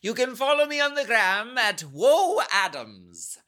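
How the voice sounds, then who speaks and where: Cheeky Welsh drag queen, done by a man, bright sing-song read, jumpy pitch. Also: big pitch swings, measured pace, full character voice. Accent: attempted Welsh. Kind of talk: reading a listener email in a put-on voice.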